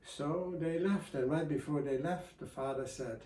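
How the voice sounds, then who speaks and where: A man tells an old folk tale slowly, in a soft-spoken, unhurried voice of middle pitch. He sounds a little distant from the mic, in a room with noticeable echo. A faint ambience sits underneath. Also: steady tone, slight background noise. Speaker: storyteller. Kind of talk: oral folk tale storytelling.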